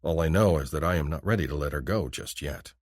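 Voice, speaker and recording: A man narrating a romance audiobook in the first person, in an expressive, intimate manner. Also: rumbling low, quick pace, no room sound, clean studio sound.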